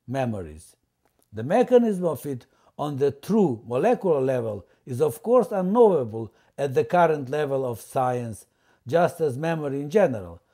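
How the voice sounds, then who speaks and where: A man for whom English is a seventh language reads a prepared open letter aloud. His wording is formal and stilted, and his delivery is deliberate. His voice is somewhat high for a man, with a lively, swinging pitch and a mellow, dark warmth. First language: not English; English is his seventh language. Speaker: language teacher presenting his method.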